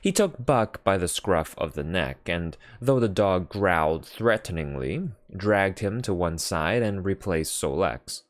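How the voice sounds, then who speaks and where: Reading a classic novel aloud, a deep-voiced man delivers unhurried literary narration for an audiobook. Wide, lively pitch swings bring out the drama, captured in a dry, close recording with no room sound.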